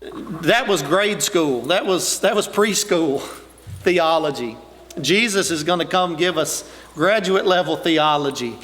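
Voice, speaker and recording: A man's voice: on the high side, expressive, a little slow, fairly bright tone. Older man preaching in a reverberant church. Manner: emphatic preaching, rising and intensifying on key points. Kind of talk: sermon. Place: church sanctuary. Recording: long reverb of a church hall.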